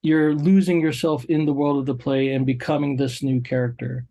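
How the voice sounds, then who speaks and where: A man interviewing a performer, encouraging and halting, with many fillers. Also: medium pitch, flat delivery, dark tone. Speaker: interviewer, creative director. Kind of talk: casual interview.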